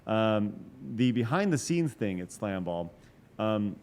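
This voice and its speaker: A man in his forties, a guest on a podcast, telling a story with a slightly low voice. He talks in an animated way, swearing freely and breaking off into quick asides and restarts. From Texas. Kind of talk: casual storytelling interview.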